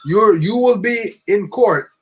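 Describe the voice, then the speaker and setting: A man doing a curt, insistent Italian policeman with a mock accent, speaking in broken English in a raised voice. The phrasing comes out slow and halting, and the line sits over faint music. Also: sits high, husky, voice pushed up, full character voice. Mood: official.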